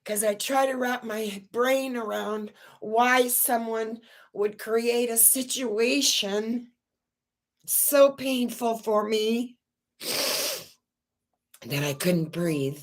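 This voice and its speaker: Raw, tearful woman venting. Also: fairly high pitch. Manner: raw, distressed, swearing, halting restarts. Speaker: channel host. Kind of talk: emotional personal vlog.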